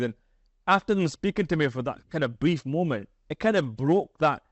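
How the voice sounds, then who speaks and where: A man's voice: on the high side, expressive, normal speed, dry recording. A man with a broad Scottish accent telling a story in casual conversation as a podcast guest, chatty and laughing now and then. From Scotland.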